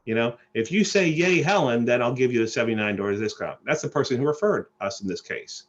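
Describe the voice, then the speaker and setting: A man giving an animated sales presentation on a group call, often repeating and restarting phrases. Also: medium pitch, fast, highs cut off. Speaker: credit repair presenter. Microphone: phone or call line.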